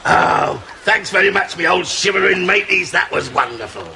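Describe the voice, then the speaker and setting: An actor playing a rough sailor who wheedles in a childlike way, with studio audience laughter. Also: male voice, sits high, lively intonation, normal speed, pushed and bright, slight background noise, exaggerated voice. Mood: wheedling. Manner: gravelly, wheedling. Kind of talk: sitcom acting.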